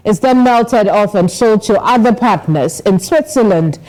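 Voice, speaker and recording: A woman news anchor interviewing a guest, asking measured, probing questions with a few hesitant fillers. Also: mid-range voice, animated, warm tone, rough recording.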